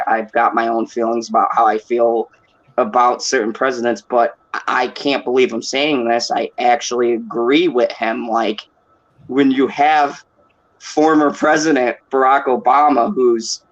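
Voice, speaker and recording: A man's voice: mid-range voice, fairly even intonation, moderate pace, fairly bright tone. A man hosting a live stream, chatting casually in an opinionated, rambling way. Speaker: stream host. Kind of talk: casual chat. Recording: dull lo-fi mic.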